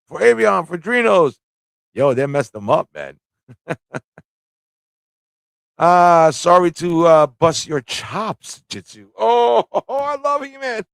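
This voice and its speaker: A man hosting a live comic review stream, excitable, laughing and slangy as he reacts. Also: fairly high pitch, takes it slowly, pauses often, clear, resonant tone, no echo, studio quality. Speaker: host.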